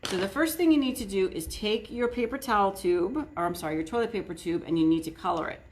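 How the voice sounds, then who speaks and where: A woman's voice: medium pitch, fast talker. A woman children's librarian leading an online story time and craft, chatting directly to kids from a table in front of her camera. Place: indoors at a table. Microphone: camera set on the table.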